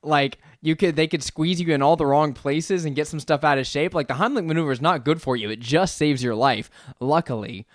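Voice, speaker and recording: A young man tells a story on a podcast, his voice sitting a little high. He laughs often and acts out the people in his story. The sound is dry and close to the mic. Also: a little fast, few pauses, no room sound. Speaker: podcast co-host. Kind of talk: casual chat, telling a story.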